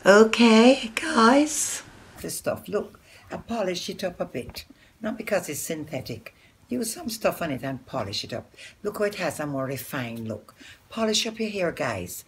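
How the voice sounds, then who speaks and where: A Jamaican woman with a notably deep, low voice, chatty and instructive as she shows viewers how to make a wig. A faint hiss of noise sits under her voice. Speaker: hair vlogger. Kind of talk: casual wig-making tutorial.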